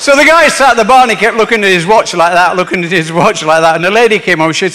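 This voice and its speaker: Older Yorkshire stand-up comedian, high voice. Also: male voice, fast, few pauses, sharp tone. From England. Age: 70s. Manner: punchy joke-telling, voices both sides of the dialogue. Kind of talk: stand-up routine on stage. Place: large theatre stage.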